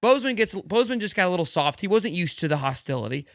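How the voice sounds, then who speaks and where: Loud, boastful man with a big voice. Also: high voice, very animated, quick pace, dry recording, studio quality. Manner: loud, boastful trash talk. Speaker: sports podcast co-host. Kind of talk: casual sports banter.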